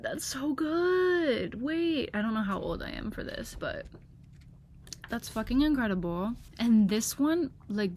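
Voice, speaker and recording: A woman's voice: medium pitch, slight background noise. A young woman vlogging in casual chat, talking through her laptop webcam, chatty and gushing with lots of fillers.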